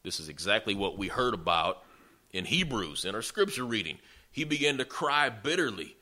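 A pastor preaching a sermon with folksy, emphatic storytelling. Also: male voice, fairly low pitch, expressive, normal speed, sharp tone.

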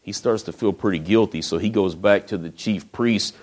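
Delivering his sermon at an ordinary pace, the preacher speaks in a fairly low voice and tells the story folksily. Quoted lines get acted out, and his voice frequently sinks to a near whisper.

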